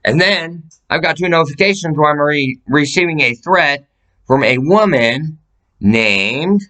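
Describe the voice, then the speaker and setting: A man's voice: fairly high pitch, animated, unhurried, sharp tone, low-quality recording. A man delivering a rambling, profane monologue to camera, urgently pleading and jumping from topic to topic. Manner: rambling, jumps between topics. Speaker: vlogger.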